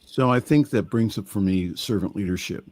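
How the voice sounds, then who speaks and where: A male minister filling in as co-host, speaking in a measured conversational way, often saying "again" and "you know". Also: lowish voice, darkish tone. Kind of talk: casual conversation on a call. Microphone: video call.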